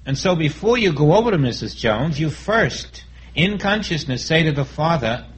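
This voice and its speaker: A man giving a sermon as a spiritual teacher, speaking in a calm, reflective way and acting out inner dialogues. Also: on the high side, moderate pace, slight background noise, low-quality recording.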